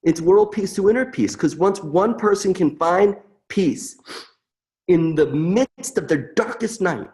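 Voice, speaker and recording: A man's voice: high voice, animated, a little slow, a little mellow. A middle-aged man earnestly demonstrating an emotional technique as a webinar presenter, repeating mantras with feeling.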